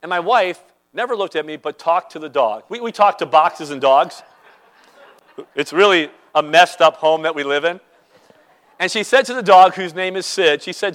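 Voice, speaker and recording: A man's voice: fairly high pitch, normal speed, fairly bright tone, low-quality recording. A man preaching a sermon as a pastor, earnest and conversational, telling everyday stories to make his point.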